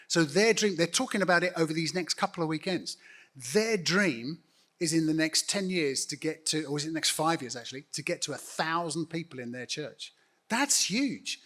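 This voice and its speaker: A middle-aged British man who leads a church network speaks earnestly and directly to a congregation during an on-stage interview, appealing to the audience. His voice is fairly high, a bit bright, and animated, at a moderate pace.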